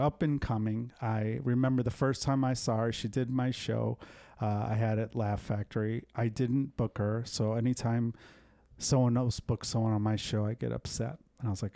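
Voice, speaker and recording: A man, a comedian hosting a podcast, chatting casually and telling quick anecdotes that are laced with swearing. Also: mid-range voice, dark tone, no room sound. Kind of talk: casual chat.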